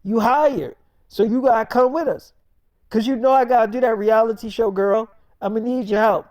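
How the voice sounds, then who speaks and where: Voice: mid-range voice, no room sound, close to an everyday voice. Someone putting on a bossy chatty young wife. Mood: excited, pushy. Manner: fast, slangy and animated. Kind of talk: freestyle role-play storytelling.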